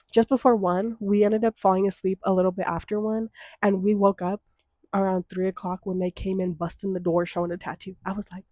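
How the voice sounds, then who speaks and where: A woman's voice: medium pitch, darkish tone, no echo, studio quality. Chatty young woman ranting casually. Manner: chatty, swears freely, rants with mock outrage. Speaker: vlogger. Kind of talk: casual chat to camera.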